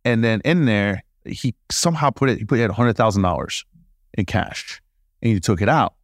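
A man, a podcast guest, telling stories casually in an animated way, laughing and acting out dialogue. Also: lowish voice, brisk, dry recording, studio quality. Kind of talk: casual storytelling.

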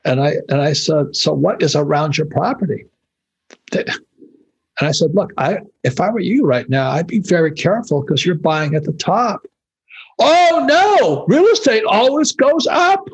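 Older male interview guest from Hawaii, husky, blunt and profane, tells lively anecdotes. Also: fairly high pitch, moderate pace. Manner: profane, animated storytelling, laughs while talking. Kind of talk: blunt casual interview talk.

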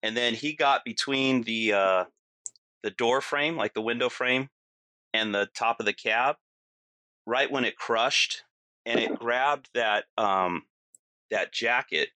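A middle-aged man telling a personal story in a casual, animated way, full of "like" and "you know". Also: medium pitch, slow pace, clear, resonant tone, no room sound.

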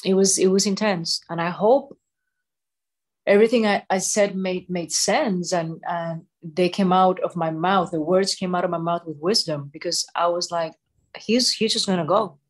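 A woman in her forties, a show co-host, telling a personal story with halting restarts and repeated words. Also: lowish voice, fairly even intonation. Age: 40s.

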